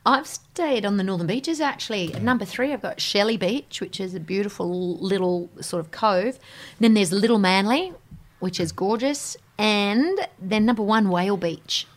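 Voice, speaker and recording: A woman's voice: mid-range voice, animated, moderate pace. A middle-aged woman with an Australian accent, co-hosting a family podcast and giving brief, friendly answers. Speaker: podcast co-host and mother. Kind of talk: casual family podcast chat.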